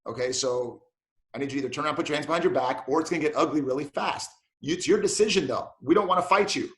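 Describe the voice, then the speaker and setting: Fast-talking man telling stories, echoey room. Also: a little high. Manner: animated storyteller acting out dialogue. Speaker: police officer and jiu-jitsu black belt guest. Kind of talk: casual interview storytelling.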